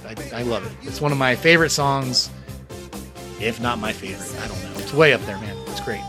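Speaking fairly quickly in a mid-range voice, a man co-hosts a laid-back podcast conversation about music. He's enthusiastic and rambling, restarting often, leaning on fillers, and swearing now and then.

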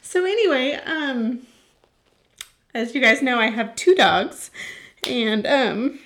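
A woman's voice: fairly high pitch, lively intonation, slow pace, a bit bright, reverberant. A woman co-hosting a casual podcast, talking emotionally and laughing through her words. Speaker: podcast co-host. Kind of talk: casual chat.

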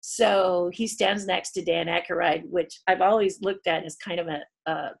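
Husky-voiced woman telling lively stories. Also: a little slow. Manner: lively storyteller who jumps high to act out quoted people. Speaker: guest, puppeteer. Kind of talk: animated storytelling interview.

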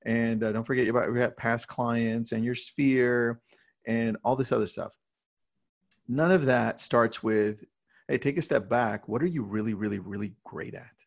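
Casting: man, gravelly mid voice, chatty real estate team leader, keeps checking in with "right?". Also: mid-range voice, a little slow. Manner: energetic storyteller, many "right?" tags. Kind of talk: casual interview talk.

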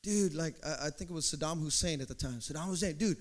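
A man preaching a sermon as pastor, animated, acting out quotes and building to shouts. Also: on the high side, fast talker.

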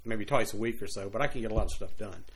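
An older Cajun-accented man from Louisiana, appearing as a guest author, talks very fast in a low-leaning voice during a casual interview. He rambles, restarts often, and playfully puts on voices.

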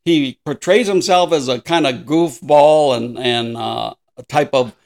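A man's voice: mid-range voice, unhurried, gravelly, a little mellow. A man in his sixties co-hosting a casual podcast chat, laughing often and acting out little voices in his stories. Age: 60s. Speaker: podcast co-host.

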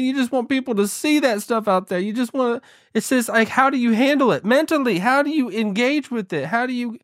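High-voiced rambling man vlogging. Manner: rambling, restarts often, emphatic repetition. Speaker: YouTuber. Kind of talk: casual talking-to-camera monologue.

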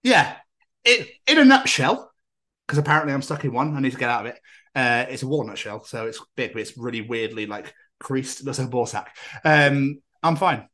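A man's voice: medium pitch, expressive, fairly quick, bright, forceful tone. Rambling jokey man. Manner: rambling, jokey, sweary, puts on silly voices. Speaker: podcast co-host. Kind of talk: casual chat.

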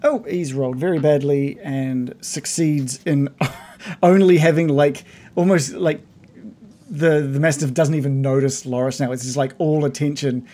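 A man narrating as game master of a tabletop game, halting with frequent ums and restarts. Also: on the high side, steady tone, dark tone. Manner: hesitant, many ums and restarts.

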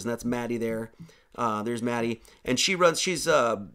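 A man's voice: mid-range voice, normal speed, fairly bright tone, clean tone. Man giving rambling, joking sermon announcements. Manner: rambling and joking, many fillers and restarts. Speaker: pastor and show host. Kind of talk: casual closing announcements of an online sermon.

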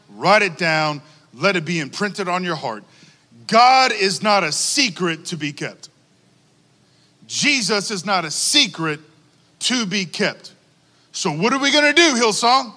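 A man preaching a sermon to a congregation, animated and calling out for responses from the crowd. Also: high-pitched, in a large hall. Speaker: pastor.

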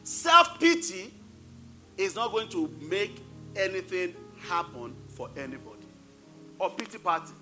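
A man's voice: sits high, sing-song, a little slow, over music. A middle-aged male pastor preaching a sermon, emphatic and repeating his key phrases. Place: church.

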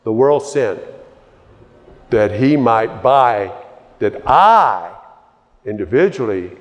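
Male preacher, slow delivery, conversational sermon rising to emphatic peaks, big reverberant hall. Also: medium pitch, animated. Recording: long reverb of a large hall.

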